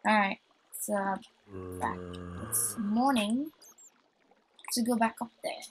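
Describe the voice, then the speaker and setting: A woman's voice: fairly high pitch, slow, slight background noise, poor audio. A woman hosting a let's play, chatting to herself as she plays and getting easily startled. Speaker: gaming channel host.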